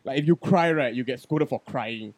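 A man's voice: mid-range voice, moderate pace, no room sound. Candid man, dry close sound. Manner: candid and profane, swings between quiet reflection and loud animated storytelling. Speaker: podcast guest. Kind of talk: casual podcast chat.

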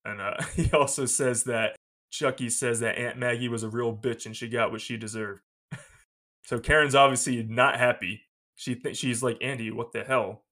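A man's voice: mid-range voice, steady tone, normal speed, bright, forceful tone. A man co-hosting a podcast, casually retelling a film's plot and laughing often as he goes. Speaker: podcast co-host. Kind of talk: casual film recap chat.

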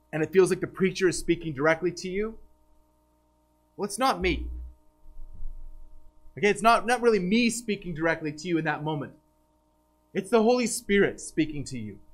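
A man's voice: high voice, a bit bright, rough recording. A man preaching a sermon as pastor, earnest and emphatic, with frequent restarts.

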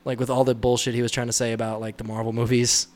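A man's voice: mid-range voice, flat delivery, fast, darkish tone. A man chatting casually about movies, rambling with lots of fillers and laughing often. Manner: rambling, laughing, mimics voices in quotes.

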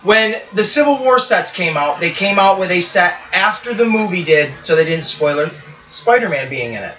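High, bright-voiced joking podcast man. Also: animated, normal speed, echoey room, distant mic, highs cut off, a little hiss or hum. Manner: profane, joking, rambling. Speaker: podcast co-host. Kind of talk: casual banter watching wrestling.

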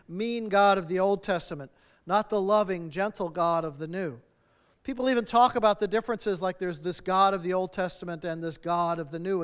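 With a clear, smooth, high voice, a male pastor delivers an earnest sermon built on a string of rhetorical questions. His phrases taper off gently at the ends.

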